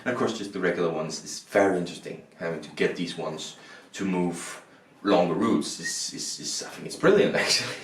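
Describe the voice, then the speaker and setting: A man's voice: sits low, brisk, echoey room, slight background noise. A man from Denmark reviewing a board game, talking casually and rambling, often repeating and correcting himself. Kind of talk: casual review with rules walkthrough.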